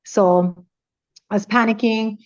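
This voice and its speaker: Radio personality, woman, middle-aged; lively storyteller who acts out the dialogue, medium pitch, slightly dull lo-fi sound. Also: takes it slowly. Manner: animated retelling, acting out quoted dialogue. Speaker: radio personality, podcast guest. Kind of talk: casual storytelling in conversation.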